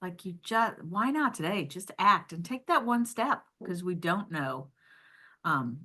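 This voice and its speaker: A woman's voice: fairly low pitch, expressive, unhurried, bright, forceful tone. A woman hosting a podcast, chatting enthusiastically with her guest, with plenty of "like" and "um". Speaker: podcast host. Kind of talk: casual podcast interview.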